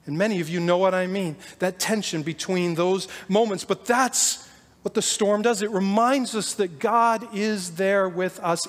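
High-voiced man preaching in a reverberant hall. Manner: earnest, animated storytelling. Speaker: pastor. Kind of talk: sermon.

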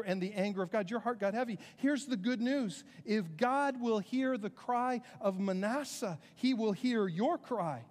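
A man preaching a sermon as pastor, earnest and conversational, with quick asides to the congregation. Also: sits high, a little mellow, in a large hall.

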